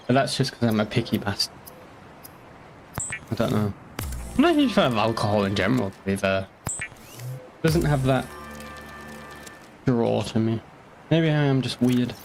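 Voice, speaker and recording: A man's voice: mid-range voice, gravelly. A young man with a northeast English accent chatting casually on a game stream, rambling, swearing and answering chat. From northeast England.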